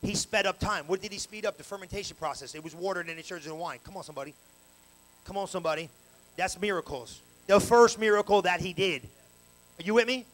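A male pastor preaching a live evening sermon in church on a handheld mic, animated and colloquial with call-and-response. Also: high-pitched, fast, poor audio. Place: church sanctuary, live service. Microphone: handheld microphone.

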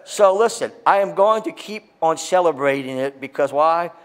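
This sermon comes from a pastor with a slightly high, clear, resonant voice at a moderate pace. He's fervent and excitable, rising to loud peaks and then dropping to read scripture quietly.

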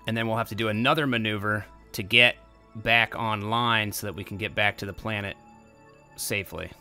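A young man giving casual let's-play commentary, excitable and bursting into loud exclamations. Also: fairly low pitch, moderate pace, faint music behind. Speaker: gameplay commentator.

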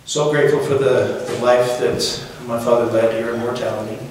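A man's voice: medium pitch, steady tone. Middle-aged man, very echoey distant hall. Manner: halting, reflective, with gentle humor. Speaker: son giving a eulogy. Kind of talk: funeral eulogy. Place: funeral chapel. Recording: very echoey hall from far off, faint noise.

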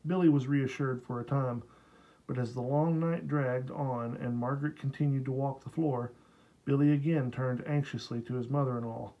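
Mellow male audiobook narrator. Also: mid-range voice, fairly even intonation, moderate pace, rough recording. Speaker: audiobook reader. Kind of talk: scripted narration.

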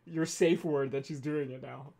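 A man co-hosting a casual podcast chat, teasing the others and quick to laugh. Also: fairly high pitch, steady tone, gravelly, darkish tone, slight background noise. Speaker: podcast co-host.

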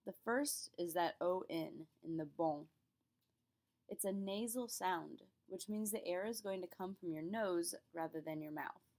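A young woman teaches a class in a clear, patient voice. She explains each point step by step and speaks the examples aloud for her students. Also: on the low side, a little slow, darkish tone. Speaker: French teacher. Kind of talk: classroom lesson.

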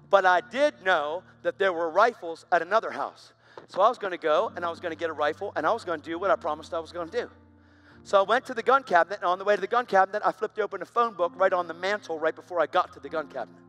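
A man's voice: high voice, pushed and bright. A man preaching, telling his own story in an intense, dramatic way. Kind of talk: sermon testimony.

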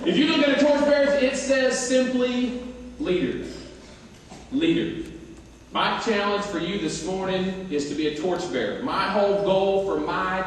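Energetic man speaking in an echoey hall. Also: high voice, a little slow, a little hiss or hum. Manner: energetic, pulls in the crowd. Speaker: motivational speaker. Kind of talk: keynote speech with storytelling. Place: large hall with an audience. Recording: echoey hall, distant mic.

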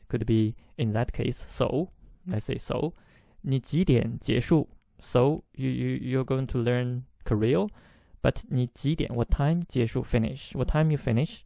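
Chinese-native guy teaching a podcast lesson, gravelly, warm low tone, keeps repeating stuff. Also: no echo. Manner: patient explaining, repeats phrases, chuckles often.

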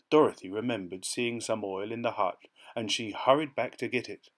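A man's voice: lowish voice, normal speed. Man reading a children's story aloud. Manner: expressive storytelling. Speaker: storybook reader.

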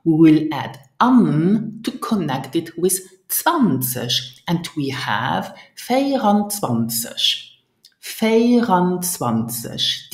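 A woman's voice: medium pitch, echoey room. A woman, teaching a language lesson and coaching the listener through pronunciation and repetition. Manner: patient, coaching, models pronunciation and invites repetition.

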